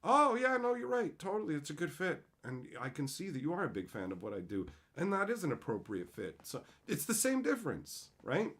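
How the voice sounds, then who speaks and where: A man's voice: fairly high pitch, huge pitch swings, fairly quick, hardly any pauses. A man live streaming and chatting with viewers. He reads their messages aloud and rants in a frustrated voice, swearing often. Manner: ranting, frustrated, swears a lot.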